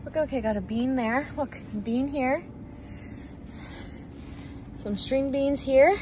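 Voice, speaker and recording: A woman talks to her viewers from her garden, out of breath and emotional, her words tumbling out in a rush. Her voice sits a little high, and she slips into hushed whispers now and then. A faint hiss of outdoor noise sits behind her. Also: slow pace. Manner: excitable and emotional, lots of "like"; drops to hushed whispers near the nest. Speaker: vlogger. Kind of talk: casual vlog to camera. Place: outdoors in a home garden and deck.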